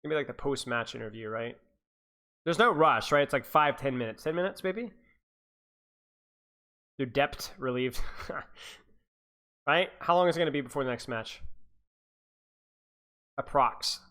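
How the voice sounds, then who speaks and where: A man's voice: medium pitch, a little slow, long pauses, pushed and bright. A man and esports coach chatting casually on a livestream, rambling, repeating himself and laughing to his viewers. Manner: talks to chat viewers.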